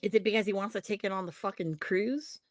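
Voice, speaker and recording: A woman co-hosting a podcast, ranting about wrestling in a profane, animated way. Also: mid-range voice, quick pace, no room sound, clean studio sound. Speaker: podcast co-host. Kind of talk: casual wrestling chat.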